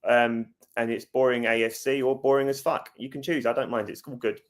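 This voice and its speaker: A man's voice: medium pitch, level tone, brisk. A man hosting a fan livestream, chatting casually and jokingly, answering viewers' comments. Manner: chatty, jokey, talks straight to viewers. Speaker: fan channel host.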